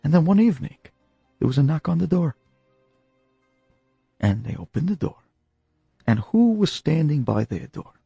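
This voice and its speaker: A man telling an inspirational story with dramatic, animated delivery, slipping in Hebrew and Yiddish terms. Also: on the high side, moderate pace, gravelly, long pauses, husky, no room sound, studio quality, faint music behind.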